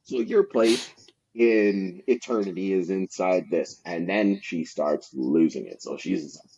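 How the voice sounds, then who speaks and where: This podcast guest speaks low and at a measured pace, his tone dark and a bit rough. He's a man telling meandering, profanity-laced stories from his sales jobs, full of filler words, recorded on dull, lo-fi podcast audio.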